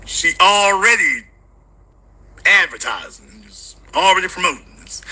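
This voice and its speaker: Teasing, high-voiced man hosting a livestream. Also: big pitch swings, normal speed, slightly rough, low-quality recording. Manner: loud, teasing, comedic rants. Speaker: livestream call-in show host. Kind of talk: casual live-stream chat.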